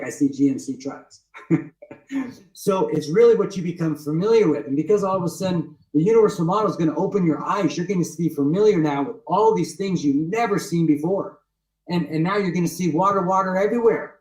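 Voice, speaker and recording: A man with a slightly high voice teaches a webinar outdoors, pressing his points and asking his listeners rhetorical questions. He sounds roomy and echoey, well away from the mic. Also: far from the mic. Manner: insistent, repeats his points, asks the audience rhetorical questions. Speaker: webinar presenter walking through his book. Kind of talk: emphatic teaching talk. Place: outdoors with trees behind him.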